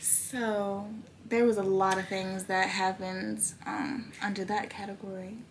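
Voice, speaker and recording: A young woman, hosting a podcast and telling a story in animated, profane casual chat. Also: mid-range voice, measured pace, slight background noise. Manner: animated, swears freely, acts out quoted dialogue. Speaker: podcast host.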